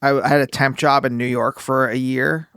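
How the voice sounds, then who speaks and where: A man hosting a podcast speaks in a mid-range voice, pausing and restarting as he hunts for the right word. He sounds short on sleep, and the recording is dry and close. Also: mid-range voice, steady tone, fairly bright tone, smooth, no echo. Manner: halting, searching for words. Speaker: podcast host. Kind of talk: casual interview chat.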